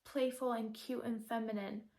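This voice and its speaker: A woman talks straight to camera as a coach, earnest and persuasive. She often poses rhetorical questions, and her voice sits a little high. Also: steady tone, moderate pace, a little mellow. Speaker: feminine energy coach. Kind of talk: direct-to-camera advice talk.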